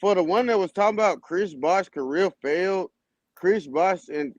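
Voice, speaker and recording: A man pushes back hard in a heated podcast argument, firing off quick comebacks. His voice sits fairly high for a man, and the sound is dry and close. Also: darkish tone, no room sound, lo-fi sound. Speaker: podcast panelist. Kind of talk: casual heated debate.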